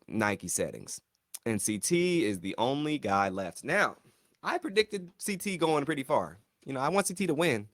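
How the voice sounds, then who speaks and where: A man casually recapping a reality competition episode, animated, breaking into mimicry of the cast. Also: dry recording, clean studio sound. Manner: animated, mimics cast members in high voices. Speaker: show reviewer.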